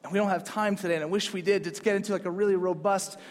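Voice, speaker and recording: A man's voice: sits high, steady tone, racing. A man preaching a sermon in a casual, conversational way, pushing up hard on key points. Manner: casual, conversational preaching with rising emphatic peaks. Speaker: pastor. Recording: long hall reverb.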